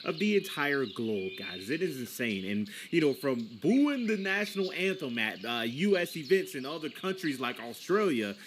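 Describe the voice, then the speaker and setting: A man's voice: mid-range voice, big pitch swings, normal speed, hardly any pauses, slight background noise. A man hosting a commentary video, speaking emphatically and calling his viewers guys. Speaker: channel host.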